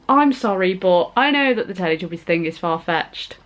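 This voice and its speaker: A woman's voice: fairly low pitch, animated, normal speed, hardly any pauses, soft background music, rough recording. A young woman talking through a scary film as a vlogger, gasping, squealing and chatting in a casual reaction vlog.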